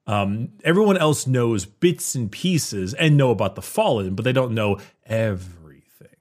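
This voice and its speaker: A man's voice: medium pitch, expressive, measured pace, a little mellow. A man explaining game lore at length in a casual podcast conversation, with frequent restarts.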